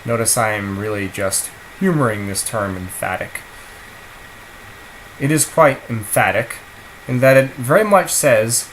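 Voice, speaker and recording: Animated man teaching a language lesson. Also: medium pitch, unhurried, slight background noise, poor audio. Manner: animated, emphatic, acts out example sentences. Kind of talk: explanatory video lesson.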